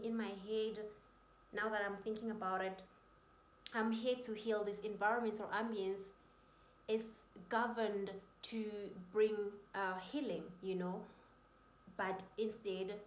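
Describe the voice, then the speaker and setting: A woman's voice: mid-range voice, slight background noise. A woman vlogger telling her personal story in an earnest, emotional and faith-filled way. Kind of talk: personal testimony. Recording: roomy echoey room.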